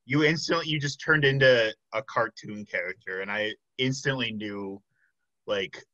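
A man hosting a casual podcast interview, with a fairly low voice that still has a forceful, bright edge. He talks hesitantly, full of fillers, and his voice often trails off softly. The recording is dull, lo-fi and dry. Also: moderate pace, dry recording. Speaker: podcast host.

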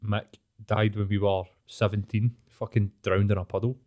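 A man's voice: on the low side, level tone, normal speed, lo-fi sound. A Scottish man in his late thirties with a Glaswegian accent, telling frank, swear-filled stories in a casual podcast chat. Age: 30s.

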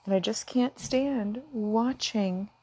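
A woman's voice: on the high side, slow, warm tone, slightly rough. A woman talking straight to her viewers in an earnest, impassioned way, at times close to tears. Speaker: vlogger. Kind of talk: emotional direct-to-camera talk.

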